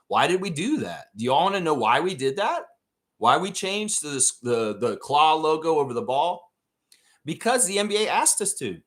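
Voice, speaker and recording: A man's voice: a little high, fairly bright tone. A man hosting a live basketball fan show in a casual chat, ranting and swearing freely as he talks. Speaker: podcast host.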